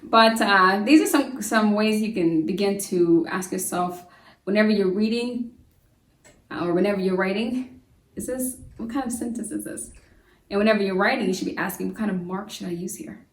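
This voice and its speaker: A woman teaching a homeschool lesson in a casual style, acting out quoted lines loudly, with many fillers. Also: medium pitch, moderate pace. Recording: roomy sound from a distance.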